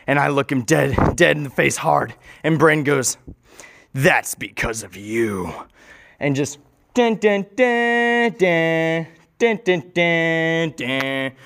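A man's voice: fairly high pitch, no room sound, clean studio sound. A man telling an improvised story in a rambling way, often correcting himself and adding joking asides.

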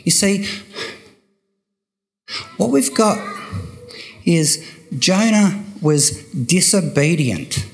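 An older man preaching a sermon, slow and emphatic, repeating key phrases for weight. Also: high voice, expressive, creaky.

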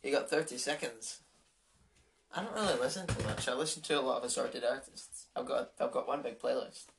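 A man's voice: medium pitch, a little fast, vocal fry, background noise. A teenage boy co-hosting a casual podcast chat, teasing and offhand. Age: teens. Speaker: podcast co-host.

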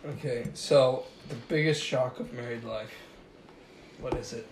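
A man's voice: medium pitch, fairly even intonation, a little slow. Male podcast host asking questions. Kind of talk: interview questions. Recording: echoey room with clear noise.

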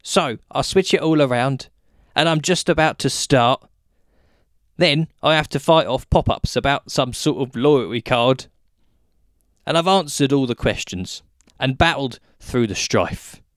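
A man's voice: mid-range voice, animated, measured pace, no echo, clean studio sound. A British man hosting a podcast and reading his own comic rhyming poem in a wry, self-mocking way. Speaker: podcast host.

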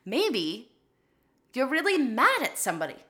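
A woman hosting a podcast, teaching a casual spoken singing lesson in a chatty, animated way with lots of "like" fillers. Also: sits high, unhurried. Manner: chatty and animated, drifts into short sung demonstrations; frequent "like" fillers.

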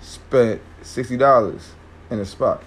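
A man's voice: mid-range voice, slow, breathy edge. Male storyteller, casual slangy delivery, rambling, mid-range voice, keeps checking in with listeners.

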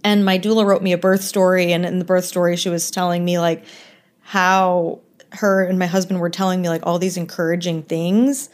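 A woman's voice: lowish voice, flat delivery, moderate pace, darkish tone. A young woman telling a personal story as a podcast guest, candid and conversational, with many "like" fillers.

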